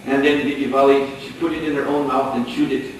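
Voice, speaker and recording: A man giving a lecture, telling a sacred story as an animated storyteller who often chuckles. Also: mid-range voice, a little fast. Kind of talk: storytelling sermon. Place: lecture hall. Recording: echoey hall, distant mic, faint noise.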